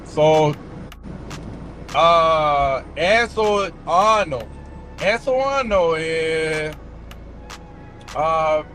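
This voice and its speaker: A man in his forties with a high voice talks slowly and loosely from inside a car, muttering to himself and dropping slang as he sounds words out. Faint music plays behind him. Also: a bit bright. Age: 40s. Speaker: vlogger. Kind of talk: casual chat while practicing languages.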